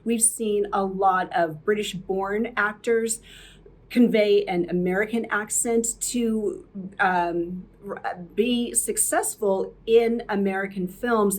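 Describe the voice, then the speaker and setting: A woman hosting a podcast, narrating from a script in a chatty way with fillers and restarts. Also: medium pitch. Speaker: podcast host.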